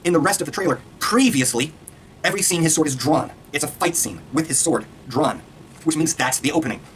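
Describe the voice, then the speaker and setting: Excitable, foul-mouthed man ranting. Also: fairly high pitch, a little hiss or hum. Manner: excitable, profane, rapid-fire ranting. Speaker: video reviewer. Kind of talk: casual rant.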